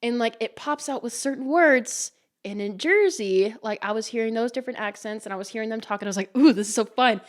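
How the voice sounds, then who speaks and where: Midwestern woman in her twenties, podcast host, high and bubbly, giggly, swears casually. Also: fast talker. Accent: Midwestern American. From Iowa, US Midwest. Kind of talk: casual chat.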